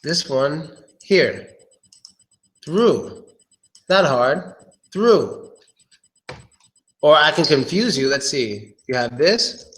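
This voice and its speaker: A man with a fairly high-pitched voice walks viewers through English pronunciation on a live stream. He's easygoing and thinks aloud, saying each word slowly more than once.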